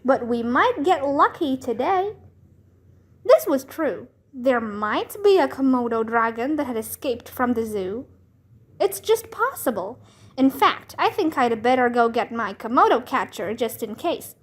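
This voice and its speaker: Woman narrating a kids' storybook, high voice, lively and slow. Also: husky. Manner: expressive, dramatic narration. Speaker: storybook reader. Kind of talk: children's book read-aloud.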